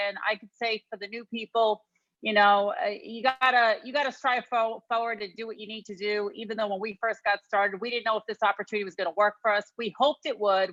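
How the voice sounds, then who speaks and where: Bright-voiced woman on a dry video call. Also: fairly high pitch, dry recording, highs cut off. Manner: earnest, thankful, with fillers. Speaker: business leader speaking to team. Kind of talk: motivational remarks.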